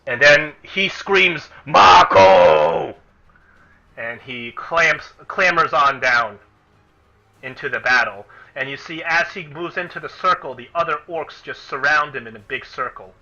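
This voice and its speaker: Bright-voiced man running a tabletop game. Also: on the high side, a little slow. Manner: animated, chanting and shouting crowd sounds. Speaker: game master. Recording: dull lo-fi recording with music.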